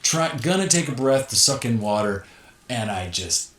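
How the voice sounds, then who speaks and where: A middle-aged man recounts his story as an interview guest, bringing scenes to life with gasps and sudden exclamations. His voice sits at an ordinary male pitch. The recording is roomy, with a faint hiss underneath. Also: sing-song, moderate pace, fairly bright tone. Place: tipi. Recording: roomy echo, faint noise.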